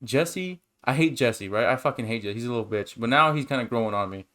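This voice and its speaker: A young man co-hosting a casual chat and telling stories in a rambling, excitable, profane way. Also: medium pitch, fast talker. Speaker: podcast co-host.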